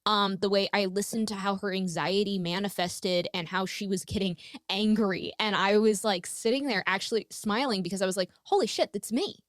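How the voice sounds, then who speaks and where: A woman's voice: mid-range voice, fairly even intonation, moderate pace, few pauses, dry recording, clean studio sound. A woman hosting a podcast, talking candidly and swearing freely in casual conversation. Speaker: podcast host.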